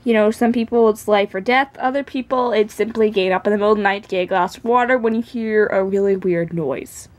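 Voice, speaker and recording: A woman's voice: medium pitch, fairly quick, few pauses, darkish tone, lightly acted. A woman voicing a male cat with a casual, dryly teasing manner. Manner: casual, teasing, rambling in spurts.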